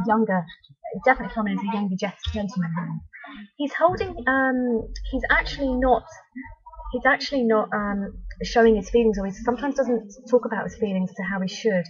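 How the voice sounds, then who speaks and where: A woman psychic talks her way through tarot readings on a live web chat, picking up viewers' messages and answering them. Her voice sits fairly high, and the audio is muffled and lo-fi like an old web stream. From United Kingdom. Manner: chatty, reads viewer messages aloud, frequent ums.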